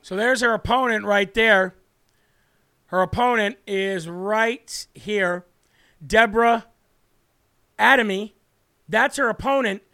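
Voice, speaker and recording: Brash high-voiced male political host. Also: slow, long pauses, sharp tone, no room sound, clean studio sound. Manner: brash, emphatic, repeats for emphasis. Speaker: political talk show host. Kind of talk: live political commentary.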